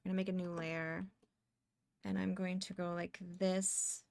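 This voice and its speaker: A young woman from Canada chatting casually on a live stream while she draws, rambling and breaking into excited exclamations. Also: lowish voice, normal speed, vocal fry, no echo.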